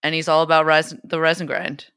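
Bright playful woman podcast co-host. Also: sits low, flat delivery, fairly quick, clear, resonant tone, no echo, studio quality. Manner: playful, teasing, giggly banter. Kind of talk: casual chat.

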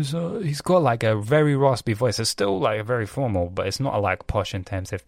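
A young man rambles through a casual solo talk, correcting himself and swearing freely. His voice sits somewhat low, and the sound is dry and close. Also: animated, normal speed, vocal fry, few pauses, a little mellow, no room sound. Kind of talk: casual monologue.

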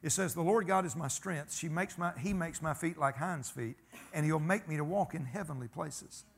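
Man, pastor, sermon, raspy fry, folksy emphatic storytelling. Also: a little high, moderate pace. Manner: folksy and emphatic, calls for amens, tells stories.

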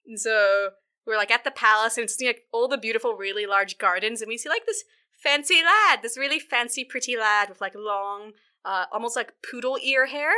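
A woman's voice: on the high side, normal speed, pushed and bright, smooth. A woman in casual chat, animatedly retelling a film and acting out the characters in silly voices. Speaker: podcast co-host recapping a film.

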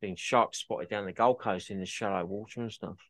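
An easygoing man in casual podcast chat. His voice sits slightly low and is recorded dry and close. He often answers with short, agreeable replies. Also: steady tone, fairly quick, a bit bright, no echo. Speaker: podcast co-host.

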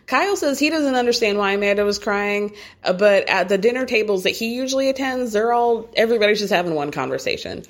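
A woman casually recapping a reality show episode in a gossipy, animated way, laughing often and swearing casually. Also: medium pitch, fast talker.

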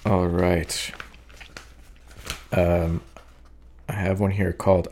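A young man with a low, gravelly voice muses slowly about his art, stopping and restarting often. He sounds sleepy, and his words come out unhurried and rough-edged. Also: flat delivery, a little mellow. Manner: halting, many fillers and restarts. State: sleepy, yawning. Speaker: podcast host reading his poems. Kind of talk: rambling reflective talk.

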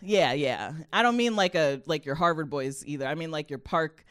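A young adult woman comedian telling a personal story in a chatty, animated way, laughing often and using a lot of "like" fillers. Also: low voice, moderate pace.

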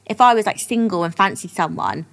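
A woman's voice: mid-range voice, lively intonation, a little fast, fairly bright tone. A young woman co-hosting a podcast, chatty and encouraging, prone to giggling fits. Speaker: podcast co-host. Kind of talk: casual chat.

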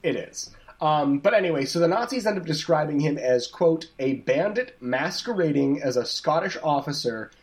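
A man's voice: a little high, moderate pace, hardly any pauses. A man casually telling a history story to his co-hosts, joking and swearing as he goes. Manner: profane, joking, animated storyteller.

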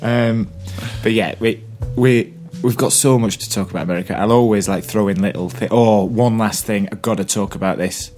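A man's voice: fairly low pitch, fairly even intonation, moderate pace, few pauses, a little mellow, soft background music. A man from Burnley with a Lancashire English accent, co-hosting a podcast and telling rambling stories with many restarts. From Burnley, England. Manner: chatty storyteller, rambling with restarts. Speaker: podcast co-host. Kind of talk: casual chat.

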